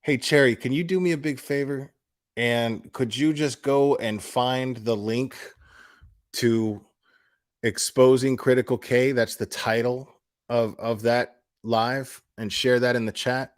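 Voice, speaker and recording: A man's voice: medium pitch, steady tone, measured pace, no room sound, studio quality. A young adult man ranting on a casual live stream, blunt and profane, often restarting his words. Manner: blunt, profane, heated and mocking. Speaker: YouTube commentary streamer.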